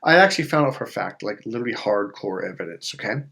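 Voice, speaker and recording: Animated, swearing man talking casually. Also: lowish voice, fast talker, creaky. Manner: animated storytelling with swearing and acted-out quotes. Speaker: self-help video host. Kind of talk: casual motivational talk.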